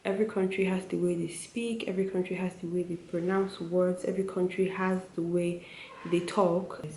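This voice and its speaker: A woman's voice: on the low side, flat delivery, moderate pace, darkish tone, slight background noise. A woman in her twenties with a Nigerian accent, talking earnestly to camera in a casual vlog and repeating points for emphasis. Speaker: vlogger. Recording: echoey room with faint ambience.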